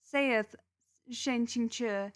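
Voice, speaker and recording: A woman reading the lines of a strict system voice that announces rule violations and point deductions in a flat, announcing tone. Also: fairly high pitch, drawn-out words, no echo, studio quality. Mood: stern. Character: stern rule-enforcing system voice, genderless machine.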